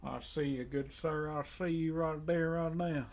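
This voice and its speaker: New man, unhurried and slightly high-pitched, chatting casually with stream viewers. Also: fairly even intonation, darkish tone. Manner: laid-back, greets viewers as "bro". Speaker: wood carver live-streaming. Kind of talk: casual live-stream chat.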